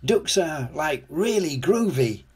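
A man's voice: fairly high pitch, big pitch swings, slow, breathy edge, voice pushed up, exaggerated voice. Older man doing a drawling rock singer. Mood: laid-back. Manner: drawling and laid-back. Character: laid-back adult male rock singer, groovy.

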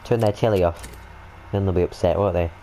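A young British man commentating on his gameplay in a lowish voice, excitable and full of swearing and jokes. He jumps from mutters to yelps as the game goes wrong, with faint background noise behind him. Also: fairly quick, low-quality recording. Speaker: gaming video host. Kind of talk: let's-play commentary.

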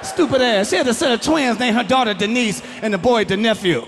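Loud profane stand-up comedian yelling punchlines. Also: male voice, very high-pitched, a little fast, creaky. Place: comedy stage before a live audience. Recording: live crowd, noisy hall.

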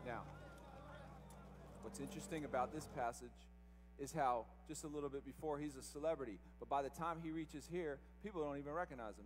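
High-voiced man preaching in a reverberant church. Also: brisk, slight background noise. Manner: emphatic, rhetorical questions to the congregation. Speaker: pastor. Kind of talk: sermon. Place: church service.

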